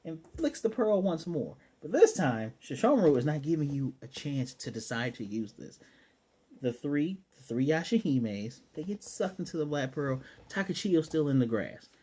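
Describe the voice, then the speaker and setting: Male anime reviewer, mellow husky tone, energetic slangy recaps. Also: on the high side, moderate pace. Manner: excitable, slangy, swears, acts out scenes. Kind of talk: casual episode review.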